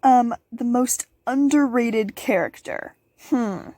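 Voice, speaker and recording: A woman's voice: a little high, slow pace, dark tone, dry recording. A teenage girl hosting a casual question-and-answer vlog, bubbly and giggly, rambling with playful asides. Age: teens. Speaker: channel host.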